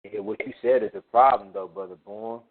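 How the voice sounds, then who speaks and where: Blunt co-host, male, low voice, tinny phone-line audio. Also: steady tone, a little fast, breathy edge. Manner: blunt, profane, emphatic. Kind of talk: casual chat.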